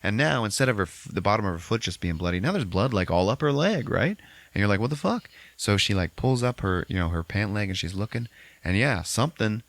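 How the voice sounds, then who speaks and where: Low-voiced guy retelling a movie, swears a lot, super lively, dry close sound. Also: fast, no room sound. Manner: profane, animated storytelling, acts out characters. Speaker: podcast host. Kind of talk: casual movie recap.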